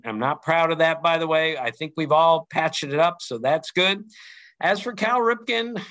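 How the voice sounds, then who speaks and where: A middle-aged man telling lively anecdotes in an interview, acting out quotes from others. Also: on the high side, normal speed. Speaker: interview guest, baseball writer. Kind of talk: storytelling in an interview.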